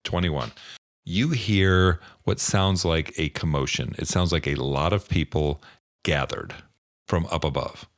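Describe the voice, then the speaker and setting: A man running a tabletop game as game master, relaxed and halting, often laughing as he talks. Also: extremely low pitch, no echo, clean studio sound. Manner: relaxed, stumbling, often laughing mid-sentence.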